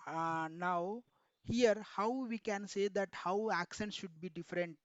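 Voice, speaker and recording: A man's voice: sits high, a little slow, no room sound, highs cut off. A man, teaching an online technical class and repeatedly asking students questions, addressing them as sir. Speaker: instructor.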